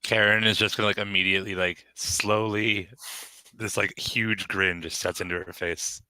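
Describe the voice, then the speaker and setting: A man explains his character's reactions during an online tabletop game, rambling and amused. His voice is low yet bright-edged, and the recording is dry. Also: flat delivery, moderate pace, clean tone, no echo, poor audio. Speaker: player. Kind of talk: casual game chat.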